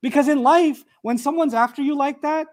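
Guy, high voice, animated quran lesson, climbs up when he makes a point. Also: a little fast. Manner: animated, conversational, rises sharply when making a point. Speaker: Quran teacher. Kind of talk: lively Quran commentary lesson.

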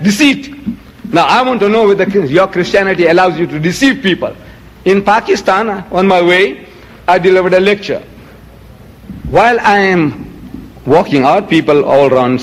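Lecturer, male, high voice, indignant and rhetorical, reverberant hall sound. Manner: indignant, rhetorical, shows items to audience. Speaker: Muslim lecturer. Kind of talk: public lecture.

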